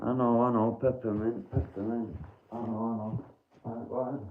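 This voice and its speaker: Yorkshire man, livestream host, blunt and sweary with chat, mid pitch, roomy slightly muffled sound. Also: level tone, moderate pace, very noisy. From Doncaster, Yorkshire, England. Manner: blunt, swears freely, chats to viewers by name. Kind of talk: casual livestream chat with viewers.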